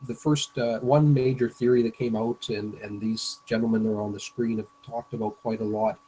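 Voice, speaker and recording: A man's voice: medium pitch, mellow, a little hiss or hum, poor audio. Hesitant man giving a coaching lecture. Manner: hesitant, frequent fillers and restarts. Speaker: business coach. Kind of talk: online presentation lecture.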